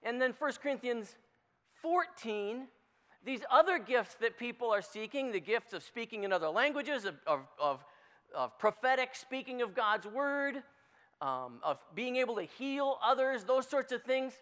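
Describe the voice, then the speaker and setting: A preacher giving a conversational sermon, telling a story in an animated, chatty way. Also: medium pitch, moderate pace. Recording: long hall reverb.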